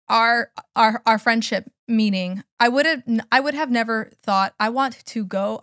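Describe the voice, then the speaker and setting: A woman's voice: a little high, a bit bright, no echo, studio quality. A woman hosting a podcast, thoughtfully explaining her ideas in a casual chat. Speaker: podcast host.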